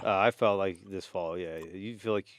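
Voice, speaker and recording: A man's voice: low-pitched, normal speed, clean tone, dry recording, studio quality. A man co-hosting a casual podcast, making laid-back joking remarks. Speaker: podcast co-host. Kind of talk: casual chat.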